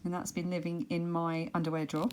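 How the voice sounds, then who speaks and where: Rambling, chatty British woman with a lower voice, vlogging to camera at home. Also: monotone, quick pace, background noise. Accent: British English. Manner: chatty, rambling, laughs often. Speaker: craft vlogger. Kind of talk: casual chat to camera. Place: home, bedroom and bathroom.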